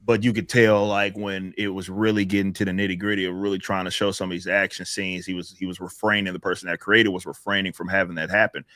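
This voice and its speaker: A man with a lowish voice hosts a casual livestream panel. He talks in loose, halting runs, stopping and restarting his sentences. His mic sound is close and dry. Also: flat delivery, sharp tone, no room sound. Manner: rambling, halting, many restarts. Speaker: stream host.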